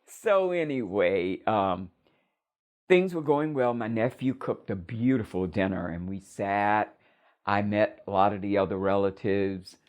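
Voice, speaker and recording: An older woman recounting a personal story in a measured, reflective way. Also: a bass voice, darkish tone.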